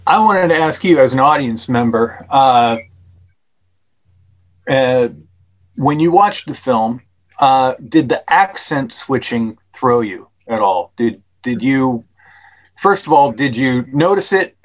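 A man's voice: mid-range voice, lively intonation, slow pace, poor audio. A man guest on a podcast explaining his film at length, with many fillers and restarts. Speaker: actor and filmmaker guest. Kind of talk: casual interview chat.

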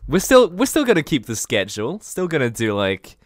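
A man's voice: a little high, huge pitch swings, fairly quick, no echo, clean studio sound. A man co-hosting a podcast in casual, joking chat, laughing often and swearing freely. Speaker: podcast co-host.

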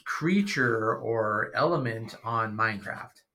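A man's voice: fairly low pitch, expressive, slow pace, pushed and bright. A middle-aged father chatting casually on a family podcast, rambling and hesitant, with dry sarcasm. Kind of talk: casual chat.

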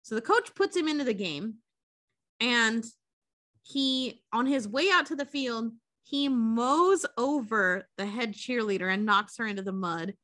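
A young woman with a slightly high, bright and sharp voice recaps a movie for a casual podcast. She swears freely and slips into quick acted-out voices for the characters. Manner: profane, animated storytelling with acted quotes. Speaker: podcast co-host.

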